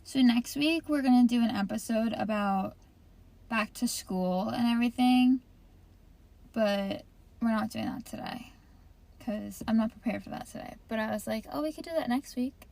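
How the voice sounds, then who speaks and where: A woman's voice: on the high side, normal speed, creaky, darkish tone. A young woman hosting her podcast from her parked car, talking in a rambling, easily distracted way and swearing freely. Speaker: podcast host. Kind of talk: casual rambling chat.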